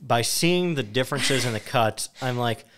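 Young male podcast co-host, mid-pitched, stop-start casual talk. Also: lively intonation, background noise. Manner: halting, many restarts, then reads verse aloud. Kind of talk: casual chat about film.

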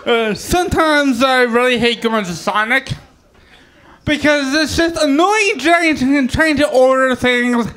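A man's voice: very high voice, unhurried, sharp tone. A man doing a stand-up comedy set at an open mic, who talks with a speech impediment and jokes about it with the crowd. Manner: self-deprecating, joking with the crowd. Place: bar stage with live audience.

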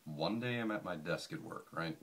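A man casually telling a chatty, animated anecdote. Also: low voice, normal speed. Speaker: storyteller.

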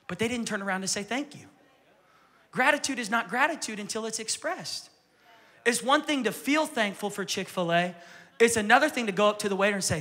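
A male pastor preaching a sermon in a church with energetic, repetitive phrasing that sometimes drops to a whisper. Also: sits high, fairly quick, big-room sound. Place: church sanctuary.

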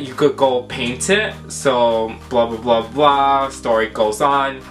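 A young man tells a storytime vlog to his camera, sassy, dramatic and loose with swearing. His voice sounds bright and forward. Faint music plays softly under him. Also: mid-range voice. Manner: sassy, dramatic and profane, with lots of fillers. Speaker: vlogger.

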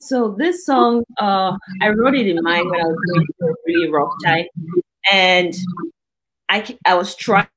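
A woman's voice: on the low side, a bit bright, poor audio. A woman guest, a singer-songwriter from Cameroon, talking earnestly and reflectively about her song in a casual interview. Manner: earnest, reflective, speaks slowly.

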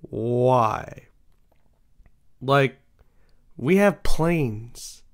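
Unhurried and slow, a young man chats solo as host of his own show, his expressive mid-range voice coming through smooth and clear. He meanders from one thought to the next, leaning on fillers and frequently restarting.

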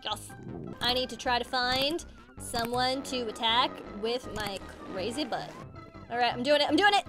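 A young woman giving excited, bubbly commentary while playing a game, gasping and squealing often. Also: fairly high pitch, moderate pace. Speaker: gaming channel host. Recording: game music playing behind.

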